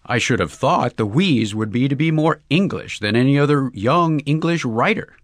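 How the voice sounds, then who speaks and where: A man's voice: medium pitch, normal speed, no room sound, clean studio sound, voice pushed up, lightly acted. Man doing an eager young golfer in love. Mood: indignant. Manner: earnest, excitable, slangy.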